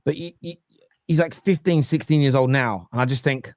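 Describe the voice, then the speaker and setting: A man hosting a football podcast, talking in an animated, emphatic way and often repeating words. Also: mid-range voice, moderate pace, dry recording, clean studio sound. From England. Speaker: podcast host. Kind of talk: casual football podcast chat.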